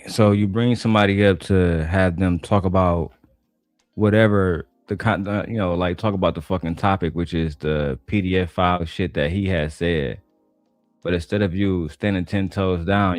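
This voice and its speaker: A man from Detroit with a deep, low voice tears into a panel in loose, profane slang. His talk is blunt and trash-talking, recorded dry and close with a faint music bed. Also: steady tone, moderate pace, no echo. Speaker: commentator reacting to a panel clip. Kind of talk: profane reaction commentary.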